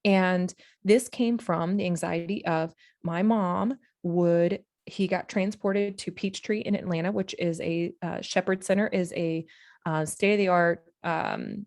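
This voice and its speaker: A woman's voice: on the low side, a little mellow, no room sound, clean studio sound. A woman on a podcast, telling a painful personal story in an earnest, emotional way, with many restarts. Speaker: podcast guest.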